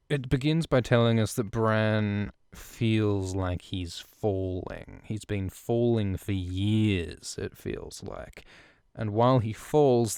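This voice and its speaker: Irreverent low-voiced man recapping a book. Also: darkish tone, clean tone, dry recording, clean studio sound. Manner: irreverent, swearing, enthusiastic. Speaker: podcast host. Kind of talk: casual book-chapter recap.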